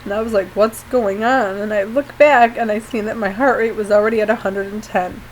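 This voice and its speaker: A woman telling an emotional personal story after surgery, halting and apologetic, often near tears. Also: medium pitch, steady tone, slight background noise, poor audio. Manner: tearful, apologetic, halting with fillers. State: post-surgery, pained when coughing. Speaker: vlogger.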